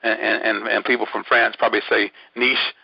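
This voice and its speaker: A man's voice: lowish voice, little pitch movement, a little fast, vocal fry, slightly rough, dry recording. Guy running a webinar over the phone line, rambly, lots of uhs, dull dry lo-fi sound. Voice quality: rambling, many fillers and restarts. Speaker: webinar host. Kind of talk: casual online training talk.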